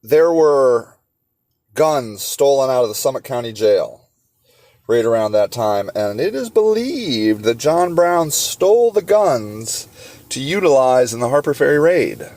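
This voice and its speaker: Slow, impassioned man with a dry voice. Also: medium pitch, very animated, a little mellow, dry recording. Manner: impassioned, sarcastic rhetorical questions; halting, many fillers and restarts. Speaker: podcast host. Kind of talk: solo podcast monologue.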